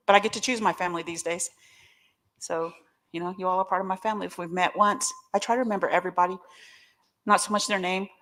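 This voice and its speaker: A woman's voice: fairly low pitch, fairly bright tone. A middle-aged woman, giving a personal testimony as guest speaker at a recovery meeting, candid, emotional and joking, talking straight to the crowd. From Oklahoma.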